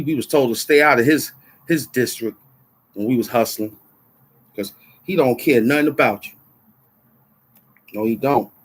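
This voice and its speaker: Vlog host, middle-aged man, husky voice, heated slangy rant that hammers on repeated lines. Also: mid-range voice. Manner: heated, repeats phrases for emphasis, street slang. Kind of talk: casual political rant to camera.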